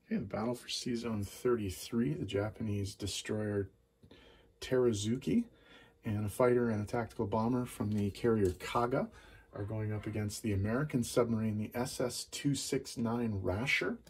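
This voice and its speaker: A man narrating his own board game turn by turn, calling out each dice roll in a steady, methodical way. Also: lowish voice, normal speed, slightly rough. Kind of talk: play-by-play board game commentary. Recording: loud background noise.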